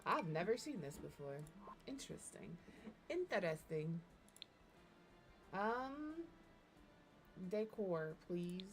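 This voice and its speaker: A woman streaming as she builds in a game, talking in a relaxed, chatty way and giggling through her stories. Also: lowish voice, takes it slowly, soft background music. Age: adult parent. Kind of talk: casual chat while building in a game.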